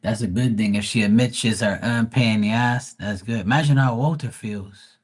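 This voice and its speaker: A man's voice: on the low side, moderate pace, husky. A man hosting a casual livestream as a tarot reader, teasing viewers in crude, profane talk.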